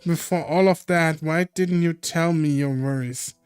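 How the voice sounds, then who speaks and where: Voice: mid-range voice, a little slow, darkish tone, smooth, no echo, faint music behind. A streamer reading a visual novel aloud in an earnest, emotional way.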